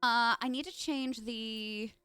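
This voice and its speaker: Gushing bright-voiced young woman streamer. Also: on the high side, takes it slowly, smooth, dry recording, soft background music. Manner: gushing, chatty, talks straight to chat. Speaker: live streamer. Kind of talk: casual live-stream chat while gaming.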